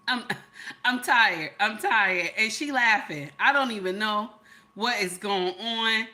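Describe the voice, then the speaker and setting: Middle-aged woman, bright and high-ish, easy livestream-host banter full of "okay?" and "baby.". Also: expressive, slow. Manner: chatty, greets viewers by name, repeats "okay?" and "baby". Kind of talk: casual live chat.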